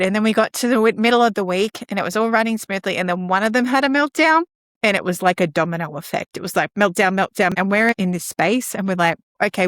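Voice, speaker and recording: A woman's voice: fairly high pitch, dry recording, studio quality. A woman talking about caregiving in a conversational podcast, often acting out dialogue with children. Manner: animated, acts out dialogue with children. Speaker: guest speaker on caregiving.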